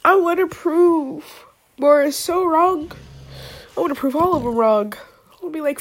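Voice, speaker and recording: A woman's voice: high voice, sing-song, normal speed, creaky. A young woman crying as she talks through a personal vlog at home, raw, rambling and swearing. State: crying, sniffling. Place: indoors at home, in bed.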